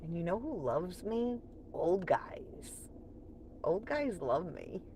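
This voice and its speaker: A woman's voice: fairly low pitch, very animated, slow, mellow, slight background noise. A woman chatting on a late-night livestream from home, profane and laughing often while she reads chat aloud.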